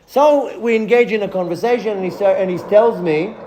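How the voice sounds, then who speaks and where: A man, a rabbi, giving a lecture as a lively personal story, acting out the voices of the people in it. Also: high-pitched, brisk, a little hiss or hum. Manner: animated storyteller acting out dialogue.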